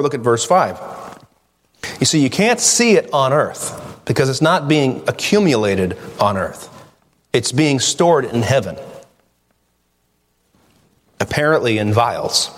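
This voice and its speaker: A man preaches in an ordinary mid-range voice, reading old scripture aloud before breaking into plain, conversational talk. His voice rings out with a long reverb, as in a church sanctuary. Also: mid-range voice. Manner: reads scripture then talks through it conversationally. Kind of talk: sermon.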